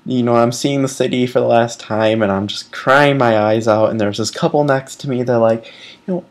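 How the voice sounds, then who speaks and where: Young guy in his 20s vlogging about his life, rambly, lots of "you know", mid pitch. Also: brisk. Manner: rambling, many fillers and restarts, candid. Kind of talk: casual personal vlog storytelling.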